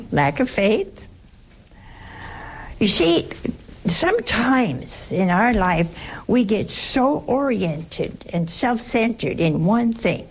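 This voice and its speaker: Woman Bible teacher, unhurried delivery with a gravelly edge, teasing rhetorical questions. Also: on the high side. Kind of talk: conversational sermon.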